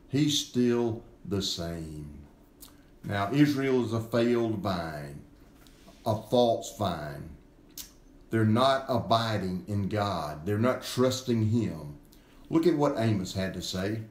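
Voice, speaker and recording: Slow emphatic male pastor, echoey room. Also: lowish voice, a little mellow. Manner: slow and emphatic, repeating key words. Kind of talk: sermon.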